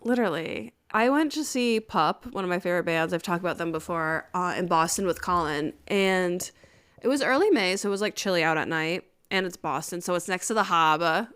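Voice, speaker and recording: A woman's voice: fairly low pitch, lively intonation, a little fast, fairly bright tone, smooth. A young woman co-hosting a podcast, chatting casually, blunt and laughing often. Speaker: podcast co-host. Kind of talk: casual chat.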